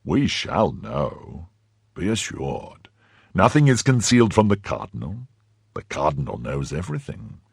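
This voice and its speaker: A man voicing a powerful older cardinal who questions in a measured, probing way and commands quietly. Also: low-pitched, sing-song, gravelly, slightly rough, dry recording, studio quality, exaggerated voice. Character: powerful older male cardinal, cold, calculating.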